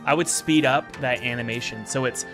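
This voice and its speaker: A man's voice: medium pitch, normal speed, over music. A man in casual livestream commentary, reviewing indie games in an upbeat, rambling way with many restarts.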